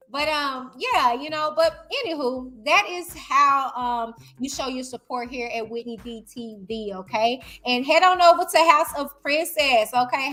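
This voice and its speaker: A woman hosting a casual commentary vlog, talking loud and high-energy straight to her viewers. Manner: chatty, addresses viewers directly. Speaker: YouTuber host.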